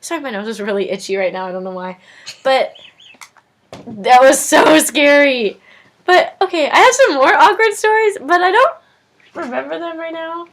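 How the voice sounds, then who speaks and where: A woman's voice: high-pitched, expressive, a little fast, fairly bright tone. A young woman telling stories casually to camera in her dorm room, chatty and full of "like", acting out quotes. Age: young adult. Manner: chatty, lots of "like", acts out quotes. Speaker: vlogger.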